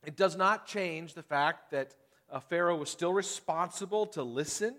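A pastor preaching a sermon in a conversational way, putting questions to his congregation. His voice is a man's, pitched a little higher than most. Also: moderate pace, a bit bright.

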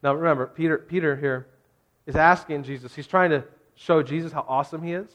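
Male pastor, casual and jokey sermon delivery, slightly high pitch. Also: steady tone, a little fast. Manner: conversational, jokey, rising to emphatic.

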